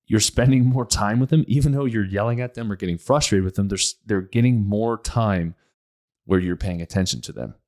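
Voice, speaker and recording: A man's voice: fairly low pitch, fairly quick, darkish tone. A man hosting a podcast, speaking in a blunt, emphatic casual monologue and often repeating his points. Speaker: podcast host.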